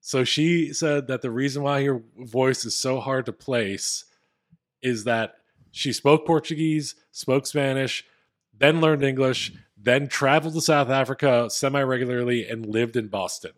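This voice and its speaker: A man's voice: mid-range voice, measured pace. A man co-hosting a podcast, explaining a story in a casual, wry way. He is from Philadelphia but has no heavy accent. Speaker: podcast co-host. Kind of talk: casual chat.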